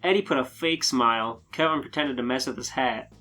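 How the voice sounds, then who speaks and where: Bright-voiced guy hamming up a fanfic reading. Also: medium pitch, a little fast, faint music behind. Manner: reads lines in exaggerated put-on voices, laughing. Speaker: podcast co-host reading fanfiction aloud. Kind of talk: comedic dramatic reading with riffing.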